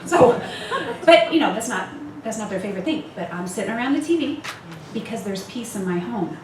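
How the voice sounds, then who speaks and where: A woman's voice: medium pitch, lively intonation, brisk. A woman in her fifties speaking candidly to a women's retreat, laughing often and poking fun at herself. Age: 50s. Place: retreat meeting room. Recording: echoey room, far mic, noisy.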